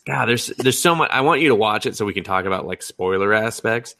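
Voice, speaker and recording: A young man co-hosting a podcast in casual chat, rambling and animated, laughing often and swearing freely. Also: fairly low pitch, a little fast, creaky. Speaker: podcast co-host.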